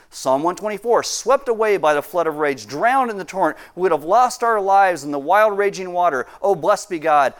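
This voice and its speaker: A man preaching a sermon as pastor, animated and acting out quoted voices with big leaps in pitch.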